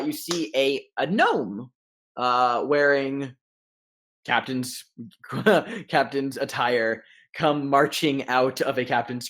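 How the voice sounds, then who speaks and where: A young man running a tabletop game as dungeon master, narrating haltingly with many fillers. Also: mid-range voice, a bit bright.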